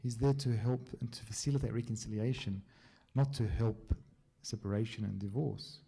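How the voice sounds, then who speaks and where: A priest answers a church group's questions in a casual, chatty way, telling stories and often checking in with a quick "yeah?" His medium-pitched voice is steady and warm, slightly rough, with some vocal fry.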